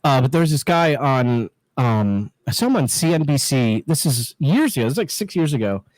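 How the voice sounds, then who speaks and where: A man's voice: mid-range voice, animated, brisk, a little mellow, dry recording, poor audio. Joking man in his thirties, dry sound. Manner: joking, self-mocking, laughs often. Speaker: guest, political scientist and show host. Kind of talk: casual live-stream chat.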